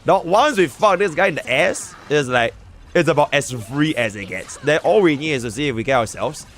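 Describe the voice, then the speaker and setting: A man's voice: a little high, lively intonation, fairly quick, fairly bright tone, slight background noise. A young man with a Singaporean English accent doing casual, slangy, profane live commentary while playing a game and talking to his chat. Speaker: streamer.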